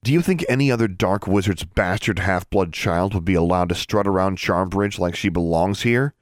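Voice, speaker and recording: A man's voice: low-pitched, moderate pace, no room sound, studio quality, lightly acted. A man voicing a contemptuous teenage wizard bully who taunts with mocking scorn in a storybook reading. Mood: sneering.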